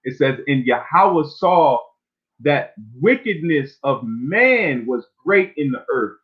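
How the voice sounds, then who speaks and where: A man preaching an informal sermon, reading scripture slowly and then talking it over loosely, often ending lines with "man.". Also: medium pitch, lively intonation. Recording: phone-like narrow sound.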